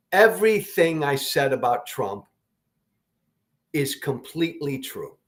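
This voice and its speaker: A man hosting a political talk show, delivering blunt, profane commentary and repeating his points for emphasis. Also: a little high.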